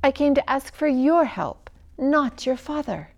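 A woman's voice: high-pitched, animated, measured pace, creaky, pitched above the performer's own voice, full character voice. A woman voicing a troubled grown man who asks earnestly and politely for help in a read-aloud story. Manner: courteous, earnest.

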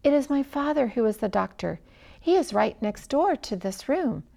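Woman doing a gentle young woman, sympathetic, apologetic, gravelly voice. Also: a little high, animated, normal speed. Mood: sorry. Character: kind young woman, sympathetic but unsure.

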